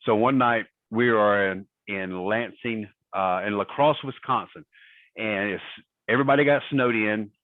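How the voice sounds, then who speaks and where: A man's voice: fairly low pitch, unhurried, no room sound. Man telling stories over a phone line. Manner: profane, laughing anecdotes. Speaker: podcast guest. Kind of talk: casual storytelling. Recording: tinny phone-line sound.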